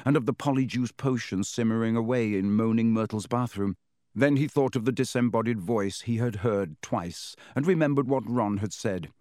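A man's voice: medium pitch, moderate pace, no room sound. Man reading an audiobook, dry and close. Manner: steady, expressive storytelling. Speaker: audiobook narrator. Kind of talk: scripted narration.

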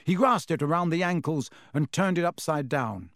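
A man narrating a children's storybook in a steady, clear reading voice. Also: a little high, moderate pace, no room sound, studio quality. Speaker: audiobook narrator.

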